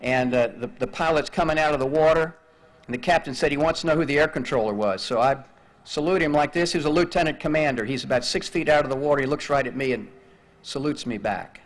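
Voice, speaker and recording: Older male commencement speaker with a somewhat high voice, animated storyteller who acts out the voices in his story. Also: fast. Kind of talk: storytelling speech.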